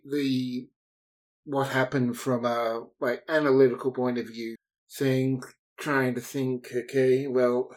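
Slow, hesitant game master. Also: medium pitch. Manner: slow, hesitant, many fillers. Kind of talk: running a tabletop game.

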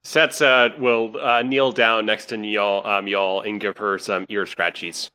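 A man's voice: fairly low pitch, fairly even intonation, sharp tone, clear, resonant tone. A man playing a tabletop role-play, describing his actions hesitantly. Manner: unhurried, hesitant with fillers. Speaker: player.

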